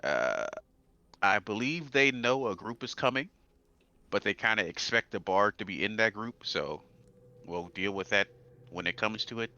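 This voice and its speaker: A man's voice: on the low side, animated, normal speed, sharp tone, dull audio. A man recapping a tabletop game story in a rambling, hesitant way, with many fillers. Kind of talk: casual in-character recap.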